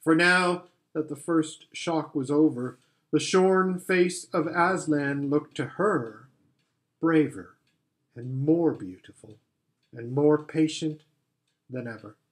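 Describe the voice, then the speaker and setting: A man reading a children's novel aloud as story narration, in a slow, deliberate manner. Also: a little high. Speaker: audiobook reader.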